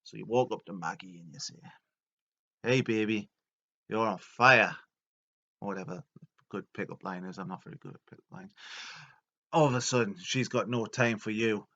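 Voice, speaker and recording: Telling a funny story fairly quickly, this video narrator has a lowish, creaky voice in dull-sounding audio. He jokes throughout and does silly voices for the characters he quotes.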